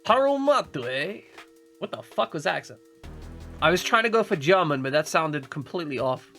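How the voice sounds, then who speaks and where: A man's voice: fairly high pitch, expressive, fairly quick, fairly bright tone, soft background music. A man streaming a game in casual chat, joking and swearing and often repeating his words as he talks.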